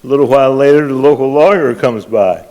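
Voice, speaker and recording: A man's voice: medium pitch, brisk, warm tone. An older man giving an award acceptance speech, a folksy, self-deprecating storyteller at a podium. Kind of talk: after-dinner speech with folksy jokes. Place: large banquet hall. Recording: long reverb of a banquet hall.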